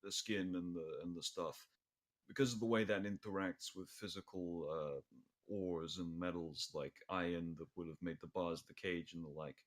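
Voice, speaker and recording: A man voicing a chatty, rambling sidekick who relays a professor's explanations, with a low voice. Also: fairly even intonation, natural voice. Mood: explaining. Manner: rambling, halting, uses "yous". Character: chatty male sidekick explaining science, casual.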